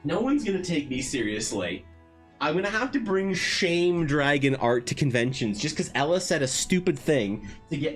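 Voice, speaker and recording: A man running a casual art livestream, talking straight to his chat. His pitch swings widely as he rants in exasperation, with plenty of profanity. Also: sing-song, moderate pace, soft background music. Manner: talks directly to viewers. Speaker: art streamer.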